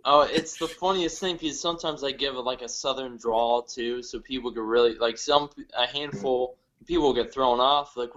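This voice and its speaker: A young man from northern Ohio with a Midwestern accent, a guest comedian telling his story in halting, hesitant bits. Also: mid-range voice, a bit bright, muffled recording. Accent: Midwestern American. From northern Ohio, USA. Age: young adult. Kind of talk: casual interview chat.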